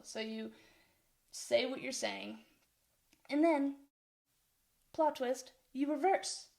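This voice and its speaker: A young woman talks through course material in a loose, chatty way. She often stops mid-thought, restarts and laughs. Her voice sits a little high and has a gravelly, fried edge. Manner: rambling, self-interrupting, laughs often. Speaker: co-presenter. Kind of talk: casual discussion of course material.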